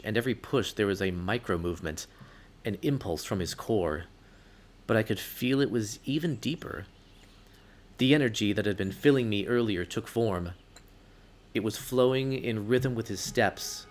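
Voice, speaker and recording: A man reading a story game aloud in the first person, expressive with sudden outbursts. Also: lowish voice.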